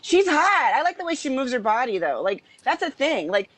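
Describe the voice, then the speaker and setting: Casting note: woman doing giggly, animated storytelling, slightly high voice, dry close mic. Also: a little fast, dry recording. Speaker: podcast guest. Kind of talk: casual comedic chat.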